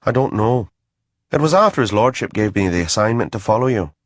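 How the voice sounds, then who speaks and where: A man's voice: lowish voice, expressive, fairly quick, no room sound, voice pushed up. A man reading an audiobook, voicing a nervous male informant who hedges anxiously. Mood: uneasy. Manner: anxious, hedging.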